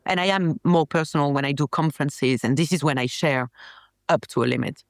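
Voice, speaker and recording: A woman's voice: sits low, a little fast, no room sound, clean studio sound. A woman from France with a French accent, a podcast guest and illustrator, chatting in a rambling way with many restarts. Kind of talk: casual interview chat.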